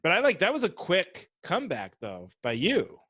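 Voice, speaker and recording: A man co-hosting a podcast in casual chat, animated and acting out mocking voices. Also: high-pitched, moderate pace, husky, no echo, studio quality. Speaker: podcast co-host.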